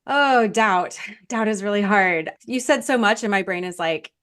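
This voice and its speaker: A woman's voice: medium pitch, animated, normal speed, clear, resonant tone. A middle-aged woman, an author guest on a podcast, talking casually with many fillers and frequent laughs. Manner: warm, laughing, thinks aloud with many fillers.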